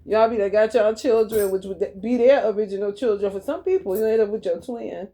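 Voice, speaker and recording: A woman gives a loose, off-the-cuff tarot reading in a gravelly voice with plenty of vocal fry, sitting at a mid pitch. She is blunt and profane, calls her viewers y'all and honey, and breaks into laughter as she rambles through stories. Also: fairly quick, mellow. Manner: laughs often while telling stories. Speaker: tarot reader. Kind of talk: casual spoken tarot reading.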